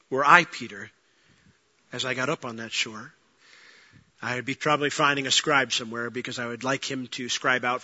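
A man preaching a sermon, telling a story with lively acted-out lines, swinging from loud and fast to quiet and low. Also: muffled recording. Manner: animated storytelling, acting out quoted lines, rising to near-shouting then dropping low. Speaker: pastor.

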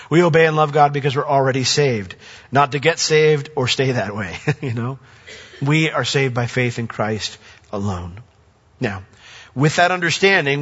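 Animated preacher in a reverberant hall. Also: male voice, husky. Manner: animated, swings from emphatic highs to soft low asides. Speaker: pastor. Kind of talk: sermon. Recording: dull lo-fi audio with long reverb.

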